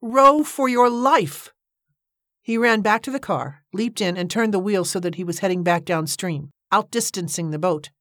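Low-voiced woman narrating an audiobook. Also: no room sound, clean studio sound. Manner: steady, measured storytelling.

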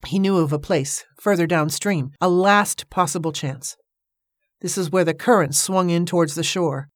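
Woman narrator, audiobook, low voice, measured, dry close recording. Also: dry recording. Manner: steady, measured storytelling.

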